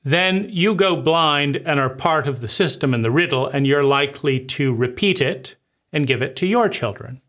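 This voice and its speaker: A man's voice: fairly high pitch, animated, moderate pace, fairly bright tone. A man giving an impassioned lecture on trauma, emphatic and sweeping, piling phrase on phrase. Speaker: trauma speaker.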